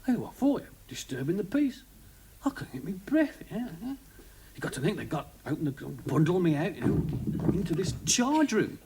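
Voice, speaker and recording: A stand-up comedian with a Birmingham accent tells a rambling, chatty story full of asides, his high voice sing-song at a normal pace. It's a very noisy 1970s TV studio recording, with audience laughter from the live crowd.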